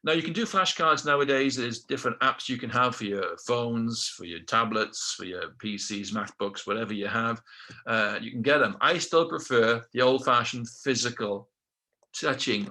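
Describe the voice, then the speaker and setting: A man's voice: medium pitch, normal speed, bright, forceful tone. A middle-aged man with a British accent telling his own story casually, acting out quotes with self-deprecating asides. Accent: British English.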